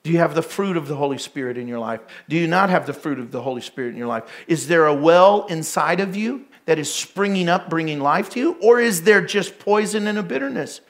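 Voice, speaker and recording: Candid pastor, fairly high voice. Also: male voice, animated, a little fast, few pauses. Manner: candid, self-deprecating storytelling with laughter. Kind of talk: sermon.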